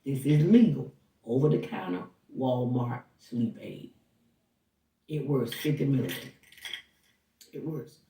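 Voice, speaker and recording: A woman who worked as a housekeeper, telling her story to viewers in a casual, animated way and acting out the dialogue as she goes. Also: extremely low pitch, slow, pauses often. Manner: animated, acts out dialogue while recounting. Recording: roomy, distant from the mic.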